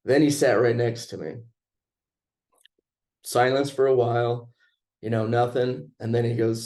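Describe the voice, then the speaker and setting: A man's voice: mid-range voice, steady tone, unhurried, long pauses, warm tone. A young man telling a personal story in a casual chat, laid-back and chuckling as he goes.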